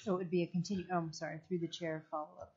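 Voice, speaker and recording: A woman legislator with a slightly low voice poses her questions politely and a little tentatively in a committee hearing. Her voice comes through muffled, lo-fi audio. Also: level tone, rapid-fire, a little mellow, slightly rough.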